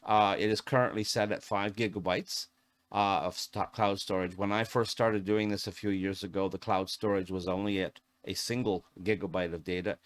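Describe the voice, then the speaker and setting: A man talks through a tech tutorial in a relaxed, conversational way. His voice sits on the lower side, and he restarts phrases often with plenty of ums and uhs. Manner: chatty, self-interrupting with fillers and restarts. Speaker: AV technician instructor. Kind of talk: casual tutorial talk.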